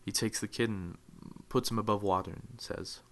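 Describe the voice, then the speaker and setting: A young man giving mock-dramatic motivational narration for a gaming video, swelling into loud, fervent peaks. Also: on the low side, fairly even intonation, normal speed. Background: faint music.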